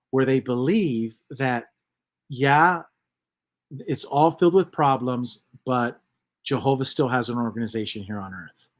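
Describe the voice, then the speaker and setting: A man hosting a casual livestream, reading chat comments aloud and rambling on with lots of repeats and mutters. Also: mid-range voice.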